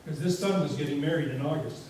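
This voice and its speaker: This guest speaker's voice is a little high and warm, and he talks at a quick pace. Presenting to a society, he tells loose, rambling anecdotes laced with frequent "you know," captured distantly in an echoey hall with a faint hiss.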